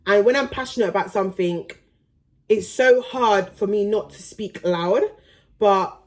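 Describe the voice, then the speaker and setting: A woman's voice: medium pitch, unhurried. A young pregnant woman, vlogging straight to camera, blunt and indignant, swearing freely and calling it passion. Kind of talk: heated direct-to-camera vlog.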